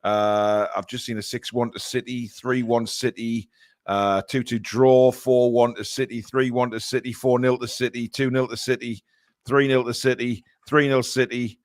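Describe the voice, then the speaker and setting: A man's voice: medium pitch, little pitch movement, normal speed, no room sound, clean studio sound. A man in a middle register hosts a chatty football podcast. He talks bluntly and with strong opinions, and breaks off now and then to read viewers' messages aloud. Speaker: podcast host. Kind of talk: casual fan podcast chat.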